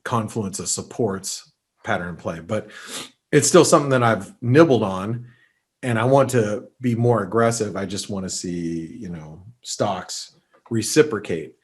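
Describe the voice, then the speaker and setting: A man's voice: on the low side, unhurried, husky. A man hosting an unscripted market webinar, talking loosely with many fillers and restarts, somewhat congested from allergies. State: allergies, sneezy. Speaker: market analyst host.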